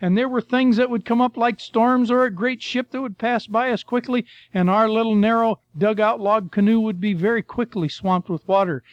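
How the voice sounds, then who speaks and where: A man's voice: high voice, fairly even intonation, normal speed, few pauses, dry recording, dull audio. An older man preaching a sermon in a folksy storytelling way, reading Scripture and telling missionary stories. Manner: folksy, storytelling, addresses listeners as folks and friend.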